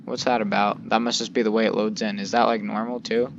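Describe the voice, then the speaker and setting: A man's voice: fairly low pitch, level tone, quick pace, vocal fry, background noise. Rambling man on a dull lo-fi mic. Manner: rambling, filler-heavy, mild cursing. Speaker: gameplay commentator. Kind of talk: casual let's-play commentary. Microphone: desk microphone.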